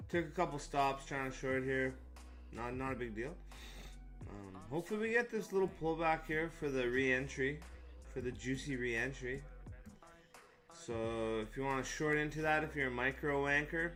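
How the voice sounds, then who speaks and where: A man hosts a live trading stream, chatting casually over charts in a joking, hyped, slangy way with some swearing. His voice is on the high side, pushed and bright.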